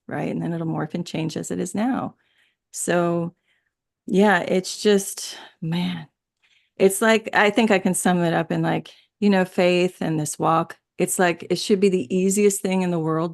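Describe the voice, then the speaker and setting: Speaking with vocal fry and a slightly mellow, lowish voice, a woman appears as an interview guest in a relaxed talk about spirituality. Her speech wanders, is punctuated by frequent laughter, and keeps starting over.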